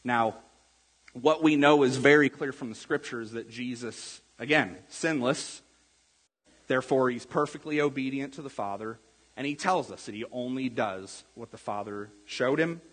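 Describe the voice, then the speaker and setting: A man with a slightly husky voice gives a relaxed, chatty sermon, slipping into little acted-out quotes as he goes. His voice rings with the long reverb of a church hall. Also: medium pitch, moderate pace. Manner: casual, conversational, acts out quotes. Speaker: pastor.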